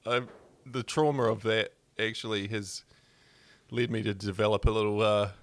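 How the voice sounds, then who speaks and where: A man's voice: on the low side, fairly even intonation, moderate pace, no echo. A New man co-hosting a podcast, chatting casually with wry, understated humour. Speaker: podcast co-host. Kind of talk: casual chat.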